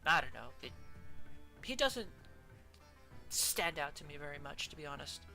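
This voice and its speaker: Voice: mid-range voice, very animated, moderate pace, vocal fry, sharp tone, soft background music. A streamer chatting casually while ranking characters, laughing often and trailing off mid-sentence. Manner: giggly, rambling, trails off and restarts.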